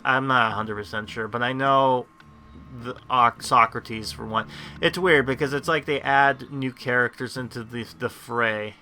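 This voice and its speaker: A man's voice: mid-range voice, fairly even intonation, unhurried, bright, forceful tone. A man hosting a casual gameplay video, rambling through his commentary with many restarts. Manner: rambling, lots of fillers and restarts. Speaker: gameplay host.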